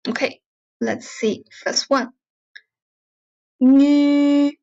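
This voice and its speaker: A woman teaching Mandarin pronunciation with a Mandarin Chinese accent, saying each syllable slowly and repeating it for learners. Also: sits high, fairly even intonation, dull audio. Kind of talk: slow pronunciation drill lesson.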